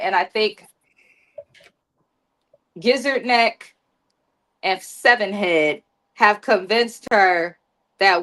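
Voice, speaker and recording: A woman's voice: mid-range voice, a bit bright. A woman co-hosting a casual reality TV recap, giving emphatic opinions and repeating her points for effect. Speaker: podcast co-host.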